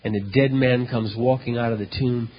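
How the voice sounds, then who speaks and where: A male pastor preaching a sermon, telling a story dramatically, with loud emphatic peaks and hushed low passages. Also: fairly even intonation, normal speed. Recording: dull lo-fi recording in a reverberant hall.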